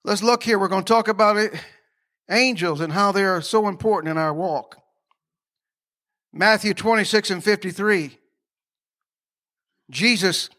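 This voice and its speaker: A man preaching a sermon in a high, bright voice. He talks in a folksy, conversational way, with laughing asides, and keeps asking the congregation questions.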